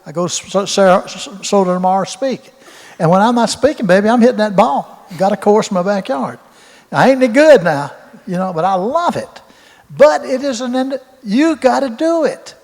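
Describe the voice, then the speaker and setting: A man's voice: sits high, animated, moderate pace, a little mellow. A man, a retired football coach telling rambling, folksy stories and repeating his words at a Q&A. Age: 80s. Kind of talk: storytelling in a Q&A. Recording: roomy hall reverb.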